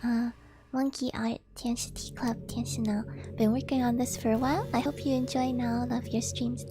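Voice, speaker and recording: A woman's voice: a little high, steady tone, normal speed, over music. A woman live-streaming, chatting casually and reading chat aloud, gushing with delight and giggling often.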